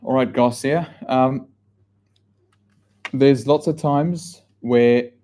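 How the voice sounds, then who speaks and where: Energetic New man coaching real estate agents. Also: medium pitch, very slow, a little hiss or hum. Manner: energetic, blunt, casual swearing, frequent restarts. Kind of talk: live training session answering viewer questions.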